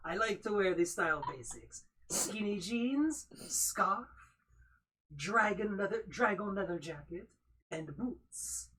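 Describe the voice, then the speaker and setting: A woman voicing a vain, perfectionist male gargoyle designer in a put-on French accent, halting as she hunts for words. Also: medium pitch, animated, a bit bright, a little hiss or hum, low-quality recording. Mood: haughty.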